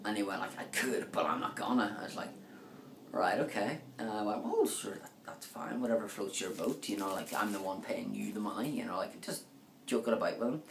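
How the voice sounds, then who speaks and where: A man's voice: lowish voice, a little fast, gravelly. A man telling stories casually to camera, rambling with lots of fillers and acting out what people said. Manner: rambling, chatty, many fillers, acts out quoted lines. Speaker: vlogger. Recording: echoey room with faint ambient noise.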